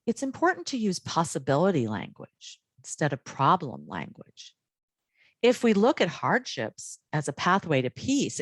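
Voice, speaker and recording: Low-voiced woman giving a calm talk. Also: no echo. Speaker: wellness trainer. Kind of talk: presentation.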